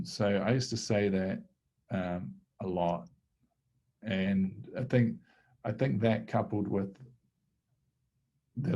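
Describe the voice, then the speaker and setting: A man hosting a casual podcast conversation, reflective and halting, with frequent restarts. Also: sits low, dark tone, highs cut off. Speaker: podcast host.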